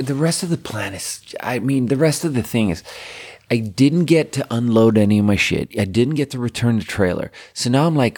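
A man's voice: lowish voice, a little mellow. Rambling, profane man telling a story. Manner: rambling and profane, heavy with fillers. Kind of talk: casual storytelling monologue.

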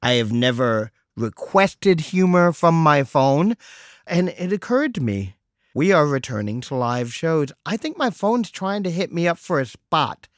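A middle-aged man hosts his podcast alone, telling stories with wry, deadpan humor and mock exasperation. His voice sits a bit high for a man. The recording is dry and close, with no room sound. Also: a little slow, no room sound. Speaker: podcast host. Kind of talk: solo podcast monologue.

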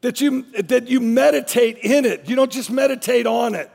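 A man's voice: extremely high pitch, normal speed, creaky, a little mellow, big-room sound. A man preaching a sermon as a pastor, emphatic, repeating his phrases as he drives each point home.

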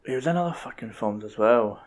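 A man's voice: medium pitch, animated, fairly quick. A young Scottish man chatting casually and swearing freely while rambling through a film recap. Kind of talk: casual chat.

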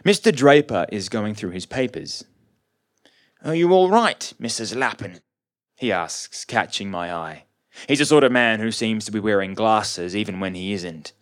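A man narrating a first-person story in a measured, dry, observant way. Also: fairly low pitch. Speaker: reader.

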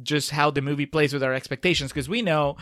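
Giggly man with a higher voice. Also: fast, fairly bright tone, no room sound, studio quality. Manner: giggly, enthusiastic. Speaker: podcast co-host. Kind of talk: casual movie recap chat.

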